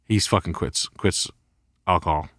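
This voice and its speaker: A man's voice: low-pitched, moderate pace, a bit bright, no room sound, studio quality. A man telling a rambling, profane story in a casual podcast chat. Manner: rambling and profane, heavy swearing. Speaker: podcast co-host.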